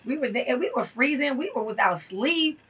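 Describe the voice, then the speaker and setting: A woman's voice: sits high, expressive, a little fast, fairly bright tone, breathy edge. A woman guest on a talk show, telling her story earnestly and with emphasis. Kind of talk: interview conversation. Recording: voice from a distance off the mic.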